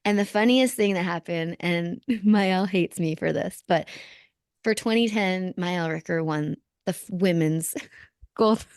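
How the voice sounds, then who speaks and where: A woman's voice: fairly low pitch, measured pace, clear, resonant tone, dry recording, clean studio sound. A woman from Canada in her thirties, a podcast guest telling stories in casual conversation and laughing often. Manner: lively storyteller who laughs often. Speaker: podcast guest, former Olympic snowboarder.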